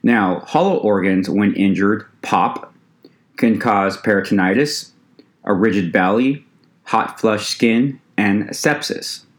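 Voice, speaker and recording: Lower-voiced man giving a lecture. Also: slow pace. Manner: conversational teaching, addresses "ladies and gentlemen". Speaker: EMT instructor. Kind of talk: recorded lecture podcast.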